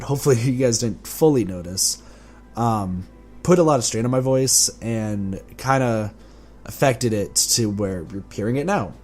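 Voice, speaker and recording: A man with a hoarse, sore voice giving a casual, rambling channel update as a gaming YouTuber, often restarting words and chuckling. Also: lowish voice, a little mellow. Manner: rambling, self-correcting, chuckling.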